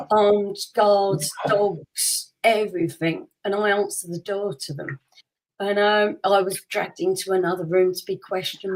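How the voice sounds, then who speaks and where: A woman, a podcast co-host telling a personal story in casual chat. She tells it with lively energy, acting out quotes and laughing often. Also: medium pitch, poor audio.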